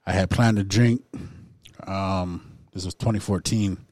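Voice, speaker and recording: Low, dark-voiced man sharing at a recovery meeting. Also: steady tone. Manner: halting, frequent throat-clearing and fillers. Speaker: recovery group member sharing. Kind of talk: personal testimony in a recovery circle.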